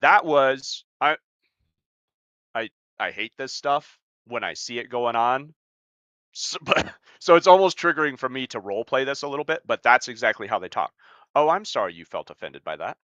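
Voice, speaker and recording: Blunt, forceful man swearing freely. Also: medium pitch, animated, moderate pace, no room sound, lo-fi sound. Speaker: podcast co-host and life coach. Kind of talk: casual podcast talk.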